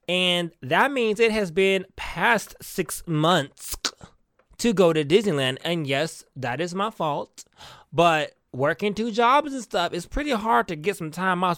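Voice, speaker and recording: A young woman ranting casually to her viewers, exasperated and profane, turning loud one moment and quiet the next while she fires rhetorical questions. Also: medium pitch, dry recording, studio quality. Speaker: vlogger. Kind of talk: casual comedic rant to camera.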